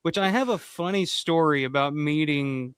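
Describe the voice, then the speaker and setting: A man's voice: a little high, moderate pace, fairly bright tone. A man hosting a casual live-stream chat, talking loosely with lots of swearing and fillers like "like" and "you know". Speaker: host.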